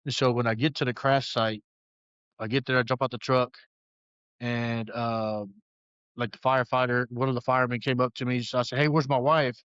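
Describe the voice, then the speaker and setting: A man's voice: mid-range voice, flat delivery, normal speed, a bit bright, clear, resonant tone, no echo, lo-fi sound. A man as a podcast guest, earnestly telling a personal story in a rambling way full of restarts.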